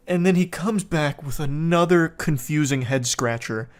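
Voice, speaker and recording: A man with a slightly raised voice reads text messages aloud and picks them apart. His delivery is dry and sarcastic, with deadpan asides. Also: on the high side, normal speed. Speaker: commentator.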